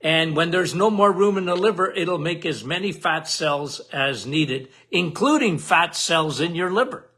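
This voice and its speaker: A man's voice: fairly high pitch, lively intonation, a little slow, few pauses, pushed and bright. A man hosting a health podcast, explaining in an emphatic, repetitive way and asking the listener questions.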